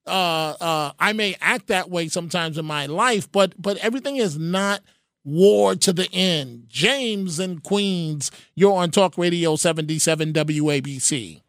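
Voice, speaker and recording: Radio host, male, high-pitched and lively, sarcastic edge, dry close studio mic. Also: unhurried, no echo. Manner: animated, sarcastic, repeats words when stressing a point. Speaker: radio talk show host. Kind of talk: talk radio, taking calls. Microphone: studio microphone.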